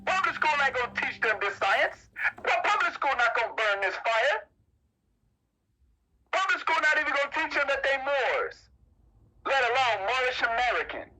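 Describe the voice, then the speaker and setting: A man's voice: very high voice, sing-song, normal speed, bright, forceful tone, slight background noise, low-quality recording. A man preaching a sermon at a religious meeting, emphatic and repetitive, firing rhetorical questions at his listeners.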